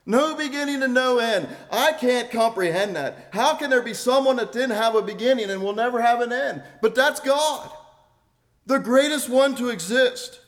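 A man preaching a sermon in an earnest, deliberate way, repeating key phrases for weight. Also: very high voice.

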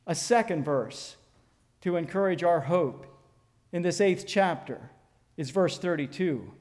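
An older man preaching a sermon in a measured, earnest way, pausing deliberately and reading scripture aloud. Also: on the high side, lively intonation, a little mellow, long reverb tail.

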